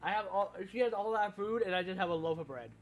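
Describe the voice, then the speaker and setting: A man's voice: high-pitched, lively intonation, fast. A young man streaming a video game, making casual, self-mocking jokes and swearing now and then. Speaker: gaming streamer. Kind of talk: casual let's play commentary.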